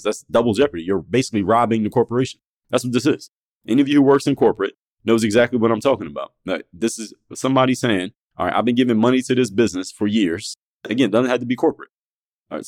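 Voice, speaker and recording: Brash, fast-talking low-voiced man. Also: darkish tone. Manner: brash, profane, rhetorical questions. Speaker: podcast host. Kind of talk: blunt motivational monologue.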